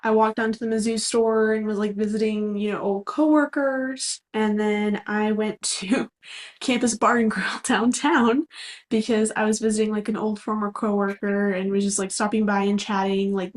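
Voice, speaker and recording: A young woman co-hosting a podcast tells a long story in casual, chatty fashion, full of fillers and laughs. Her voice is mid-range with fairly even intonation, at a normal speed.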